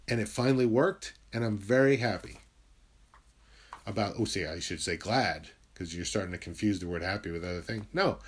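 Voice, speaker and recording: A man in a middle register talks straight to the camera in a rambling, confessional way. He swears freely and is openly emotional, flaring into loud, heated bursts and then dropping to low muttering as he works through his thoughts. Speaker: self-help video maker and writer.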